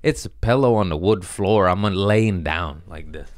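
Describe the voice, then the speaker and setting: A man's voice: low voice, a little slow. A young man hosting a talk show, telling a long comedic story with profanity and self-mocking asides. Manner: profane, self-mocking, animated with quoted voices. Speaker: podcast host.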